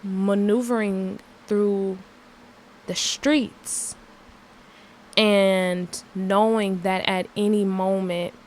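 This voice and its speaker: A woman's voice: medium pitch, steady tone, very slow, a little hiss or hum, low-quality recording. A young woman hosting her podcast, telling a story in a candid, emphatic rant with many filler words. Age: young adult. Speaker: podcast host.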